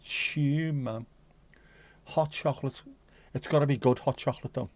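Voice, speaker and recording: Hosting a relaxed stream from home, this man has a medium-pitched, darkish voice and speaks a little slowly. He reads the chat aloud, replies to viewers conversationally, and lets the odd curse slip.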